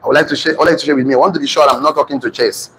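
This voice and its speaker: A man's voice: fairly high pitch, fairly even intonation, rapid-fire, fairly bright tone, slight background noise. A man with a Nigerian accent giving a preachy motivational class, emphatic and repetitive, dictating lines for notes in a hall with a live class. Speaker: class teacher and motivational speaker. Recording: reverberant hall.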